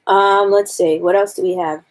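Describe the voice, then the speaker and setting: A woman's voice: medium pitch, fairly even intonation, normal speed, a little mellow. Casual woman reading jokes to chat. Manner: reads jokes aloud, comments on them. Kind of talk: casual live-stream chat.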